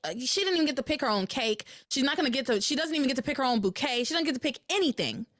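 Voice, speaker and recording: A young woman hosting a podcast, chatting casually as she recaps a soap opera with animated, exasperated commentary and quick acted-out quotes. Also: high voice, dry recording, studio quality. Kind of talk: casual chat.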